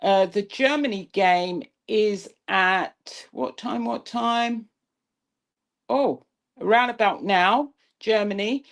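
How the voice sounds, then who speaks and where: A woman co-hosting a political live stream. She takes her time over every phrase, slow and deliberate, at a middling pitch. Her delivery stays pointed and measured. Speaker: co-host.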